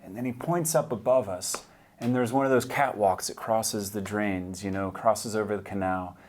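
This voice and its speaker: A man telling a personal faith testimony, earnest and vivid, going hushed and quiet at the moving parts. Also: on the low side, moderate pace, a little hiss or hum. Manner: earnest, hushed when moved, vivid retelling. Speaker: speaker sharing a testimony.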